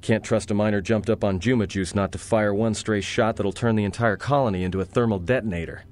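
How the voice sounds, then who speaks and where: A man doing a gruff, wisecracking rogue. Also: steady tone, fast talker, darkish tone, natural voice. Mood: sardonic. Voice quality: low and gruff. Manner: wry, cocky, dry jokes. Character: sarcastic roguish young man prisoner. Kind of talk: video game voice acting. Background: game music.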